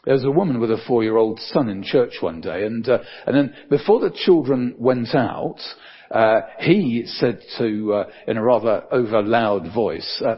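Older male preacher, husky, lively pitch, conversational sermon, dull lo-fi sound. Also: moderate pace. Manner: conversational, many fillers, dips soft for emphasis.

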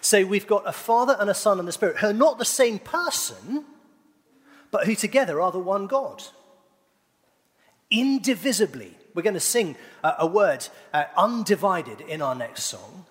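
A middle-aged male pastor delivers a sermon, asking his congregation questions in a playful manner. His voice sits on the higher side and moves up and down in a lively way. The sound carries the long reverb of a church hall. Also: normal speed. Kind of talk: sermon with congregation call-and-response.

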